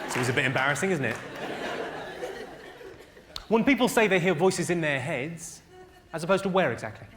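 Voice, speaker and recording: A man doing stand-up comedy on stage, firing off deadpan one-liners and teasing audience members in a large theatre. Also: fairly high pitch, brisk, long pauses. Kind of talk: stand-up comedy roast with crowd work. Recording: loud laughing crowd, live noise.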